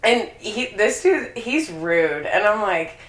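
A woman's voice: mid-range voice, animated, slow, fairly bright tone. A young woman telling a story in casual chat, swearing and laughing often. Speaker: co-host. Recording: echoey room.

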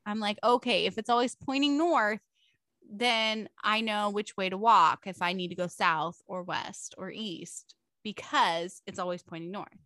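A young woman with a Californian accent, chatting casually and telling stories with plenty of laughter and many uses of like and dude. Her voice sits at a middle pitch. The recording is dry and close, with no room sound. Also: fairly even intonation, unhurried, few pauses, sharp tone, no room sound. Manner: storytelling, laughs a lot, says dude and like. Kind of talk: casual chat.

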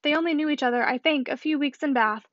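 A woman voicing a lively, teasing young gentleman, in a slightly muffled dry recording. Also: high voice, quick pace, no echo.

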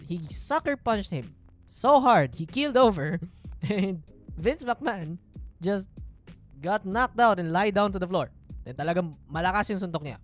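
A woman with a Filipino accent hosting a casual storytelling podcast, telling the story in an animated way. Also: mid-range voice, moderate pace, soft background music. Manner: animated, code-switching storyteller. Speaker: podcast host.

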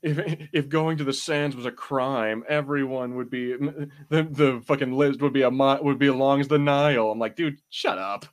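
A young man in casual podcast chat, his voice sitting at an everyday middle pitch. He talks in an animated way, swears freely and jumps up in pitch when something excites him. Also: moderate pace, few pauses. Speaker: podcast host.

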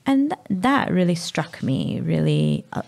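Gravelly-voiced Maltese woman, halting. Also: fairly low pitch, big pitch swings, a little mellow. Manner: halting, searching for words. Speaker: guest, mother of a sick child. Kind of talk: candid emotional conversation.

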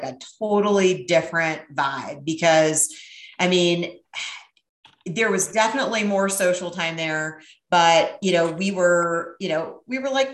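A middle-aged woman telling a brash, profane, animated story in casual chat. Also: fairly low pitch, echoey room.

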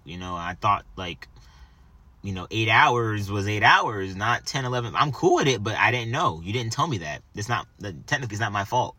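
Bright, husky young man telling a story. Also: on the low side, fairly quick, no echo. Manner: animated, profane anecdote telling with quoted dialogue. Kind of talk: casual chat.

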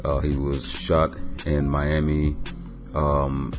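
A man's voice: rumbling low, completely flat delivery, takes it slowly. A man hosting his own music podcast, talking loosely with many ums and uhs. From Florida. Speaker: podcast host. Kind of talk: casual podcast monologue.

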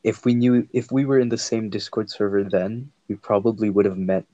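A teenage boy chatting casually on a remote call, relaxed and a little hesitant. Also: fairly low pitch, a little fast, dull audio. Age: teens. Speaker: co-host. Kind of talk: casual chat.

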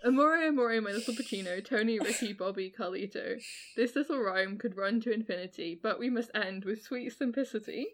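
A woman's voice: fairly high pitch, fairly quick, a bit bright. A young woman co-hosting a casual chat, giggling as she reads a fan poem aloud with mock drama. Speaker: podcast co-host.

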